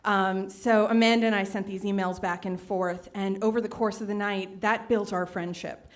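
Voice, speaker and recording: Her intonation is fairly even and her speed normal, yet when this late-twenties woman acts out quotes she makes big pitch jumps. She shares a personal story on stage at a live storytelling event, chatting casually with lots of fillers.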